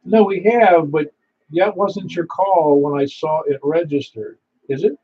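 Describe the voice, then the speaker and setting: A man leads a friendly amateur radio net, swapping stories and laughing easily. His voice sits a little high and sounds husky. It comes through a dull, lo-fi radio signal. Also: a little slow. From Niagara Falls, New York. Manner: chatty, storytelling, laughs easily. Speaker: net control operator. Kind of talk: ham radio net chat. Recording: muffled lo-fi radio audio.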